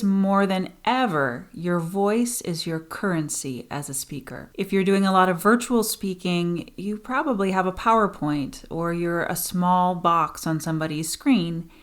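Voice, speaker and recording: A woman voice coach hosting a teaching podcast, talking straight to her listeners and changing her pace for emphasis. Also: mid-range voice. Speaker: voice and speaking coach.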